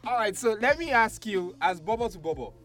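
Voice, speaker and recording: A man hosting a casual chat, playful and animated, laughing often. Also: high voice, a little fast. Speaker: host.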